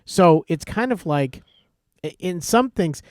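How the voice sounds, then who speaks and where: A man's voice: high voice, expressive, measured pace, darkish tone, no echo, clean studio sound. A man in his fifties from the American Midwest, co-hosting a podcast in a casual, agreeable way. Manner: agreeable, lots of yeahs. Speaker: podcast co-host. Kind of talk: casual chat.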